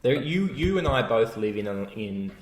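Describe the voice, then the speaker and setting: Australian man, low-pitched comic co-host, echoey room. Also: sing-song, normal speed. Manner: rambling storyteller, laughs often. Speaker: podcast co-host. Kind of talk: casual comedic chat.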